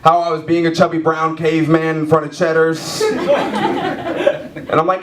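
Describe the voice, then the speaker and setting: A man in his twenties doing stand-up storytelling in a comedy club, animated and self-mocking, mimicking sound effects. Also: fairly high pitch, a little slow, pauses often, a loud crowd. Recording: echoey club heard from far off. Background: audience laughing.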